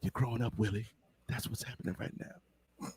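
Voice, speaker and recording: A man doing an impression of a movie star playing a football coach, in a hushed, dramatic voice. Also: mid-range voice, fairly even intonation, normal speed, husky, voice pushed down. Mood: solemn.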